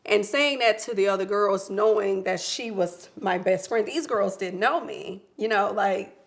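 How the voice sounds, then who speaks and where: Female guest, reflective storyteller, middle pitch. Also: measured pace, gravelly. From Memphis, Tennessee. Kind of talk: interview.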